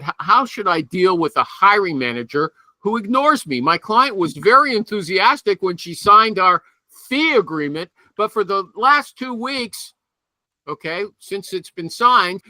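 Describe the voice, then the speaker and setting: A man hosts a loose panel chat over a video call. His voice sits high and sounds sharp and forceful, with a dry, close sound. He needles his guests with teasing questions. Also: dry recording. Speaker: host.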